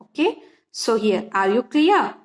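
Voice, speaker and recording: Slow-paced woman teaching. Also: fairly high pitch, big pitch swings. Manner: slow, patient, repeats key points and checks understanding. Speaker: literature teacher. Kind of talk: online lesson.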